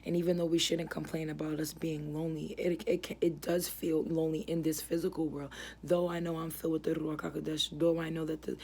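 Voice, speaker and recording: Brief: young woman, low, flat, gravelly voice, earnest halting religious testimony. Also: a little hiss or hum. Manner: earnest, halting, many fillers and restarts. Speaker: ministry founder giving testimony.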